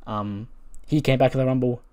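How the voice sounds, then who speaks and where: A man's voice: medium pitch, fairly even intonation, fairly quick, mellow, clean tone. A man casually narrating his wrestling simulation playthrough, chatty, laughing at his own jokes and swearing now and then. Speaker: gaming commentator. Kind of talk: casual play-by-play of a wrestling sim game.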